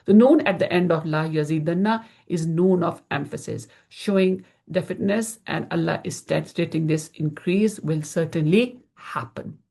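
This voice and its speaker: Woman grammar teacher, lowish voice with fry, patient, repeats terms as she explains. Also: normal speed, few pauses, dark tone. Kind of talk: slide-based online lesson.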